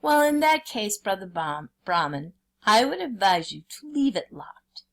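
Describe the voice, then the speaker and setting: A woman's voice: mid-range voice, big pitch swings, unhurried, fairly bright tone. A woman reading a story aloud, voicing a sly male jackal who acts confused and fussy. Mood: feigned confusion. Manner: dithering, exaggeratedly puzzled.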